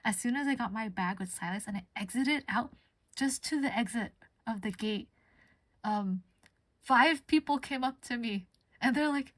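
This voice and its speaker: A woman's voice: fairly high pitch, moderate pace, fairly bright tone, no room sound. Giggly, chatty woman streamer, dry sound. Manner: chatty and giggly, laughing often mid-story. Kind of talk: casual chat while crafting on stream.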